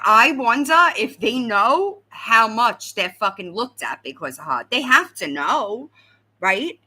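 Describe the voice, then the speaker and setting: A woman hosts a casual livestream, talking to her chat in an animated way and tossing in "right?" all the time. Her voice is bright, with a high, lively pitch that jumps around. She takes her time and lets her words stretch out. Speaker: livestream host.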